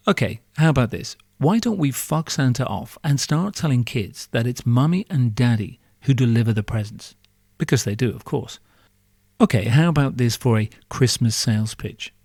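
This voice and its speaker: A man's voice: mid-range voice, darkish tone, breathy edge, no room sound, clean studio sound. A man hosting a podcast, delivering a sarcastic, profane comic monologue full of rhetorical questions. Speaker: podcast host.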